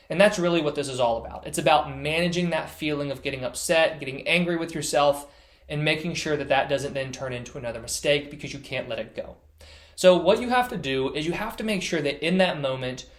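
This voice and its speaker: A man delivers a direct instructional talk as a mental performance coach. His voice sits somewhat high, and he keeps his phrasing simple and repetitive.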